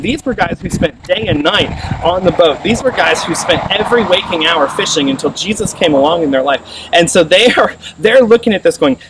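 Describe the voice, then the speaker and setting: A man in his thirties preaching a sermon as pastor, animated and acting out the voices of others. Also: background noise. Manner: animated, acts out voices with rising pitch. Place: church sermon recording. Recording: voice a little distant from the mic.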